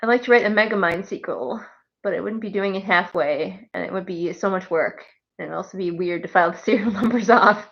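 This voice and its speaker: A woman's voice: medium pitch, fairly quick, vocal fry, lo-fi sound. Chatty woman streamer, laughing often. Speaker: streamer and writer. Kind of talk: casual chat on a birthday live stream. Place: home with pets.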